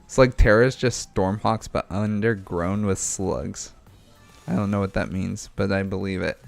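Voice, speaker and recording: Low-voiced male streamer, casual, reads chat aloud, rambles and laughs easily. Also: steady tone, moderate pace, gravelly, soft background music. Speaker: livestream co-host reading chat. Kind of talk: casual gaming livestream chat.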